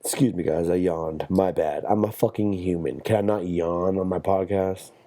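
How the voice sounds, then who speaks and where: With a steady tone and a mellow, low-pitched voice, a young man hosts his solo podcast at a moderate pace. He drifts through a jokey monologue, rambling and swearing as he tells stories.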